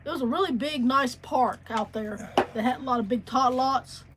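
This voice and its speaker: A woman's voice: high-pitched, normal speed, noisy background. A woman co-hosting a casual livestream chat, telling stories bluntly and with plenty of swearing. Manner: blunt, profane storyteller.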